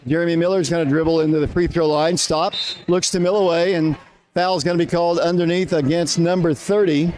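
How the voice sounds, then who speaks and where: A high-pitched man calls a basketball game play by play for radio. He talks fast and sounds a little out of breath, climbing higher when shots go up. His voice stays quick and busy through the action. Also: a little hiss or hum. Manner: rapid, rising excitement on big plays.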